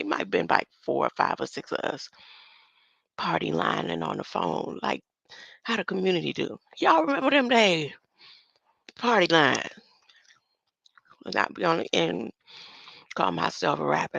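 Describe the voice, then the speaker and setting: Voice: mid-range voice, huge pitch swings, moderate pace, vocal fry, long pauses, fairly bright tone, dry recording. A vlogger talking in a rambling casual monologue, musing and drifting from topic to topic and chuckling often. The sound is dull and lo-fi.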